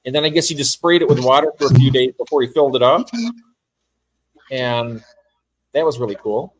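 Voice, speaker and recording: A man who is a guest on a casual livestream, easygoing and rambling, quick to laugh at himself. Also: medium pitch, poor audio. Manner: easygoing, rambling, self-deprecating.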